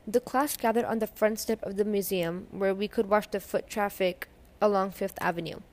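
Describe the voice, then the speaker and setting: A woman's voice: medium pitch, fairly even intonation, normal speed, darkish tone. Woman reading a novel aloud. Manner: casual first-person storytelling. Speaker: audiobook reader.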